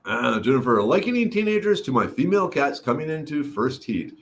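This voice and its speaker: Very animated and brisk, a middle-aged man with a mid-range voice hosts a livestream. He chats casually, reads comments, and greets viewers by name while his throat is recovering.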